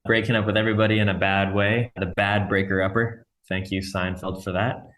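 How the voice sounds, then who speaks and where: Joking low-voiced male podcast host. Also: little pitch movement, brisk, fairly bright tone. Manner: joking, self-deprecating. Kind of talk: casual podcast chat.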